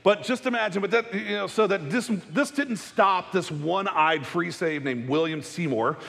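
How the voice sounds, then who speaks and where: A male pastor giving a casual, conversational sermon, chatty with joking asides and quick acted-out voices. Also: high voice, vocal fry, fairly bright tone, long reverb tail. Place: church hall.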